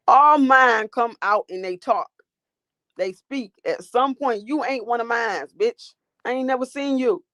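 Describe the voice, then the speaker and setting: In a dry recording, a woman with a lowish, gravelly, somewhat mellow voice hosts a phone livestream. She rants at her chat, cursing, combative and full of sass.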